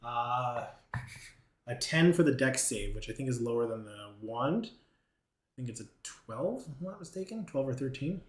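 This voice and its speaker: A man's voice: medium pitch, normal speed. Guy running a tabletop game, lots of ums, kinda roomy echo. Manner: relaxed, hesitant with many ums. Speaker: game master.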